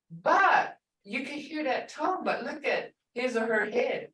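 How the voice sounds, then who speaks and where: Slow older woman teaching words, echoey. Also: on the high side, big pitch swings, a bit bright, distant mic. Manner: slow, repeats each word to drill pronunciation. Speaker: language instructor. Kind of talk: online language class. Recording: echoey room, voice from off the mic.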